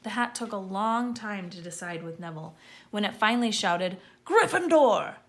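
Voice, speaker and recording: A woman's voice: mid-range voice, normal speed. A woman reading a children's story aloud, calling out names with gusto. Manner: lively, calling out names loudly. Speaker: audiobook reader.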